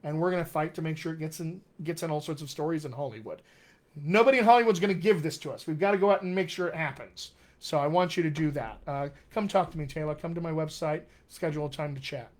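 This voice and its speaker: A man hosts a relaxed live stream, answering viewers' comments in a cheerful, encouraging way. His voice sits slightly higher than most men's. He sounds like a friendly coach in casual conversation. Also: fast talker. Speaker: dialect coach hosting a live Q&A.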